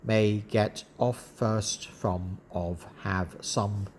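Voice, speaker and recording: A man reading for young learners in a calm, deliberate voice. He speaks extremely slowly, each word set apart clearly for the class to repeat. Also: lowish voice, a little hiss or hum. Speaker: narrator and word-list reader. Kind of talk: slow educational reading.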